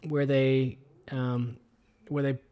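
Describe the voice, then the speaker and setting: A man's voice: mid-range voice, flat delivery, slow pace, dark tone, clean tone. A man co-hosting a casual podcast from his kitchen on a headset mic, rambling with many fillers and restarts. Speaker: podcast co-host. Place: home kitchen. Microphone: headset microphone with headphones.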